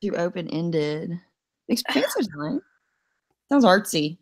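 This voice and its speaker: A woman with a slightly low voice chats casually over a video call, full of self-deprecating jokes and quick laughs. Her computer mic gives the sound a faint tinny edge. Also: big pitch swings. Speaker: co-host.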